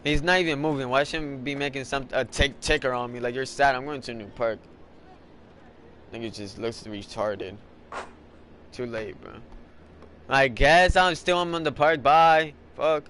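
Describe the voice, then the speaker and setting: A man's voice: mid-range voice, moderate pace, long pauses, fairly bright tone, a little hiss or hum. A young man casually commenting while playing a basketball video game, swearing and trash-talking in slang. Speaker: gamer streaming a basketball game.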